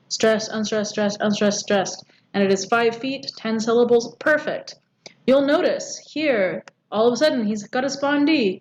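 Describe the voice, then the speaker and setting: A woman teaching a poetry lesson, explaining step by step with frequent ums and rhetorical questions. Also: mid-range voice. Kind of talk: recorded poetry lecture. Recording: dull audio with faint background noise.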